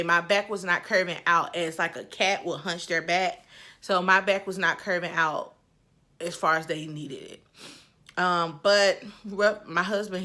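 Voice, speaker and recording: Animated bright-voiced woman vlogger. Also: mid-range voice. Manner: animated, laughing, swinging from hushed to loud. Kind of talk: casual storytelling to camera.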